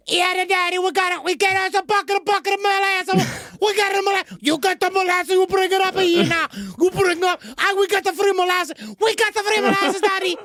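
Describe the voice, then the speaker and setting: A woman putting on the voice of an excitable immigrant father with a mock Italian accent and broken English. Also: extremely high pitch, brisk, pitched above the performer's own voice. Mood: excited. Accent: put-on Italian. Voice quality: loud, sing-song, broken English.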